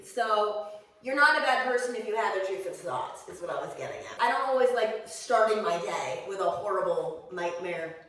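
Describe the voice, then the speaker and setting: A woman's voice: a little high, a bit bright. Profane, rambling woman in an echoey room. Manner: rambling, candid and profane, with laughs. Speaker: vlogger. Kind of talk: casual chat to camera. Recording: echoey room, voice from far off the mic.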